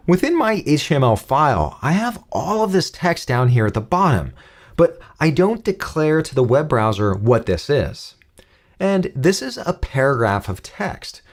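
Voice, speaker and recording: A male instructor explains a coding lesson in calm, careful steps. His pitch sits in the middle, and his intonation moves a lot within each phrase. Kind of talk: screen-recorded coding tutorial.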